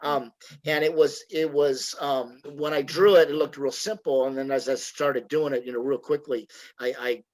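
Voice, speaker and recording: A man's voice: medium pitch, steady tone, moderate pace, a little mellow, low-quality recording. A middle-aged man from the United States, a woodworker chatting casually on a video call, rambling like a folksy storyteller and often restarting his sentences. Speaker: woodworker guest.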